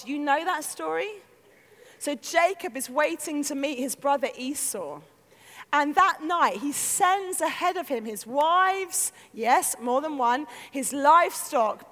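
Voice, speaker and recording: High lively lady preaching, big swoopy voice, echoey church hall. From North London. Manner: animated, acts out voices, laughs often. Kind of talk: lively storytelling sermon.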